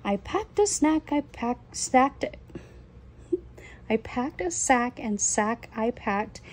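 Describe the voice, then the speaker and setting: A woman's voice: a little high, animated, drawn-out words, a little hiss or hum, voice pushed up. Woman reading as a messy cheerful young rat.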